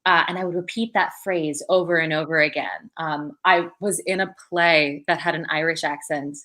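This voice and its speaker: A woman's voice: low voice, steady tone, moderate pace, pushed and bright. A woman, an associate director, chatting casually in an online video, with many fillers and laughs. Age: adult.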